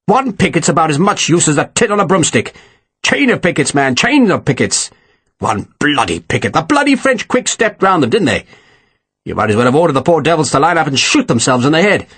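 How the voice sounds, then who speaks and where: A man's voice: medium pitch, sing-song, a little fast, breathy edge. A man voicing a foul-mouthed, irate older general who barks scornful orders in an audiobook. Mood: angry scornful. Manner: scornful, swearing, barking.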